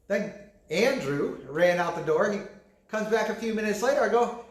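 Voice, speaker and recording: A man, preaching a gentle, earnest sermon full of fillers. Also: sits high, normal speed. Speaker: pastor. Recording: echoey room.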